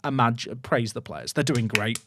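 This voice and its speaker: A young man streaming a football management game, talking to his chat in an excitable, jokey way that swings from loud cheering to muttered asides. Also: medium pitch, normal speed, heavy background noise. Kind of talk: live gameplay commentary to chat.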